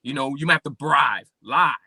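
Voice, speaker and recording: A man from Pennsylvania, a podcast guest telling his life story and acting out remembered dialogue with big swings in pitch. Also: moderate pace, creaky, bright, forceful tone, husky, no echo. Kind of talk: personal storytelling in an interview.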